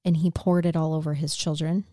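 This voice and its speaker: A woman's voice: sits low, flat delivery, fairly quick, mellow, no room sound, clean studio sound. A woman co-hosting a podcast, recounting a true crime case in an earnest, conversational way. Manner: earnest, conversational, emotionally moved. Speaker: podcast co-host.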